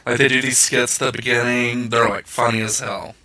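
A man's voice: medium pitch, steady tone, fairly quick, bright, forceful tone, dry recording. A man co-hosting a podcast in casual chat, campy and teasing. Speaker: podcast co-host.

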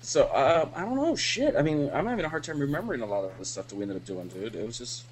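A man's voice: medium pitch, fast, slight background noise. A man co-hosting a podcast, telling stories in casual, profane chat and laughing as he goes. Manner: profane, animated storytelling with laughs. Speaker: podcast co-host.

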